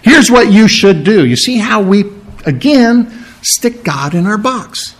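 Animated preacher man with swinging delivery. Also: a little slow. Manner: animated, acts out scripture scenes with big pitch swings; drops to a soft, quiet delivery for tender lines. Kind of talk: sermon.

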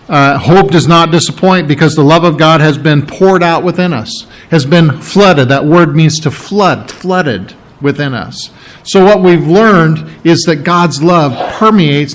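A man's voice: a little high, a bit bright. A man preaching a sermon, working verse by verse through scripture, repeating key phrases and asking rhetorical questions.

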